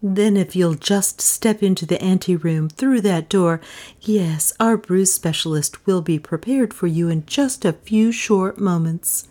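A woman reading a storybook who voices a polished young receptionist with a soft, insinuatingly confidential manner. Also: on the low side, a little slow, lightly acted. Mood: smooth.

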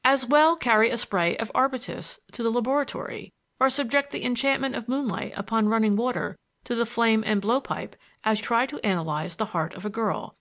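A woman narrating an audiobook in a measured, expressive storytelling manner. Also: a little high. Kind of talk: scripted narration.

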